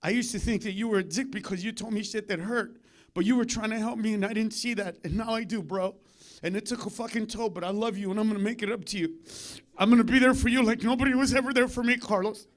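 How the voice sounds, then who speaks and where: Dude doing his crying buddy, earnest then blunt, highish voice. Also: steady tone, fast talker, close to an everyday voice. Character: tearful male friend facing surgery.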